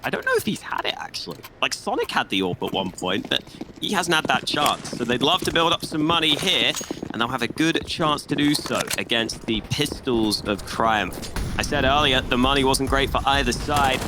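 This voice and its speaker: A man giving analytical color commentary on a video game match, with dry humor. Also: medium pitch. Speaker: esports analyst. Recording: noisy game audio behind. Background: game sounds.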